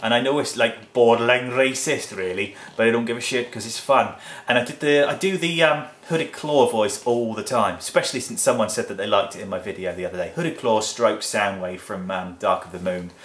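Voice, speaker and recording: A man's voice: on the low side, brisk, a bit bright. A man from England answering viewer questions in a blunt, sweary, chatty vlog. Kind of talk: casual Q&A vlog. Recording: echoey room.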